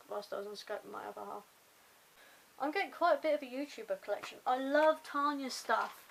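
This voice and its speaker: Young English vlogger, Hampshire-born with a slight London twang, chatty, bright and a touch high, faint hiss behind. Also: female voice, low-quality recording. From Hampshire, England. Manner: chatty, rambling, self-mocking asides. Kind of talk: casual daily vlog. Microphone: compact camera mic.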